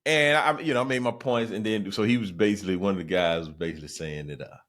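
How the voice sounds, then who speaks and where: Guy on his podcast telling a funny story, lowish voice, jumps into everyone's voices. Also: quick pace. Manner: animated, jumps into other people's voices. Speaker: podcast host. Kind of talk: casual storytelling.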